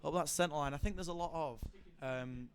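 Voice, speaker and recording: Slightly high-voiced male sports commentator. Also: normal speed. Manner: enthusiastic, hesitant with many fillers and restarts.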